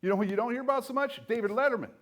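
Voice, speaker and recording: An older man giving a motivational speech, emphatic, with loud punchy lines that drop to soft, low asides. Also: very fast. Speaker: speaker at a recovery event.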